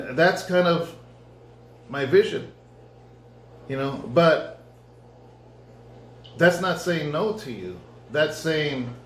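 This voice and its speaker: A man, a pastor, giving a conversational sermon testimony and acting out his own dialogue in lively storytelling. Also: a little high, slight background noise. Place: church. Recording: echoey room.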